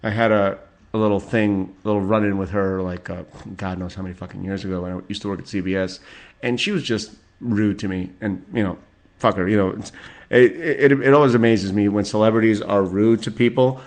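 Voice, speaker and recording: A man's voice: lowish voice, fairly even intonation, fairly quick, darkish tone. A man in his forties hosting a solo podcast, reading out celebrity birthdays with rambling, profane asides and chuckles. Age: 40s. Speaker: podcast host.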